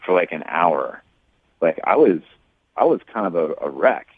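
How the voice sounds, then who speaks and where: A man calling in to a radio show, talking haltingly with many restarts and fillers. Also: sits low, very animated, dry recording. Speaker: caller. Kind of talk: phone call on a radio show. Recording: tinny phone line.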